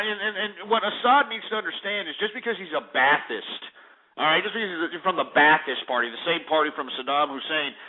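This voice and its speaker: A man hosting a talk radio show, ranting in a sarcastic, insulting way. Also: sits high. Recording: tinny phone-like audio.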